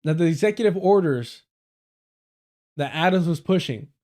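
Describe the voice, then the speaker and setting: A man's voice: on the high side, animated, normal speed, mellow. A man giving profane, sarcastic political commentary on a livestream, reading news passages aloud and breaking into angry rants.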